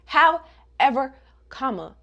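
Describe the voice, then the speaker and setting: A woman recaps a story with sassy, slangy commentary. Her voice is bright and lifted, and it swings widely in pitch. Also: big pitch swings, takes it slowly, vocal fry, muffled recording. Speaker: manga reviewer. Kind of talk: casual comic recap.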